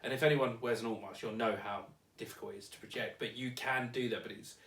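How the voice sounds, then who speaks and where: A young man talks in a loose, rambling way, hedging every other phrase and breaking into laughs. His pitch sits in the middle range. He sounds distant from the mic in an echoey room. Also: fairly even intonation, quick pace, fairly bright tone. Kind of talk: casual chat.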